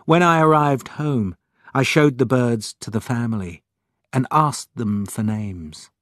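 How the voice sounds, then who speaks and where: Guy reading a kids' storybook slow, lots of ups and downs, dry close sound. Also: mid-range voice, fairly bright tone, no room sound. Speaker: reader. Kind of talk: storybook narration.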